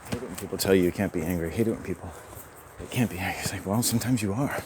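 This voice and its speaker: A man rambling to himself in a solo vlog while out hiking, musing and swinging between quiet and loud. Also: low-pitched, very fast, background noise. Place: outdoors on a hiking trail.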